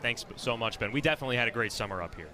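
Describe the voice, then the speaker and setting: A man doing relaxed color commentary at a baseball broadcast, reading listener emails aloud and joking with his partner. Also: medium pitch, very fast. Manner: relaxed, joking, laughs easily. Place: outdoor ballpark broadcast booth. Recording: outdoor ballpark crowd behind. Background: ballpark crowd.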